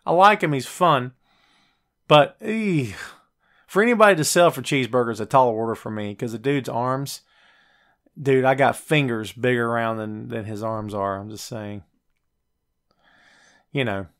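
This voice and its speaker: A man hosting a casual wrestling talk show, chatty and jokey, talking straight to live viewers and tossing in quick high-pitched voices when he quotes wrestlers. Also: a bit bright. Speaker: podcast host.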